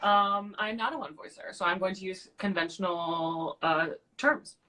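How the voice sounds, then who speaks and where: Young woman, co-host, bright voice, friendly questions, casual. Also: medium pitch, normal speed, low-quality recording. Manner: friendly prompting, asks questions. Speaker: voice coach co-host.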